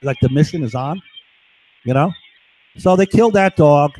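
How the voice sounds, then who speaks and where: A man's voice: fairly high pitch, moderate pace, darkish tone, dry recording, rough recording. A man telling a long, agitated story on a live stream, swearing often and tagging his sentences with "right?". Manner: agitated, profane, keeps asking "right?". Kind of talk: rambling monologue.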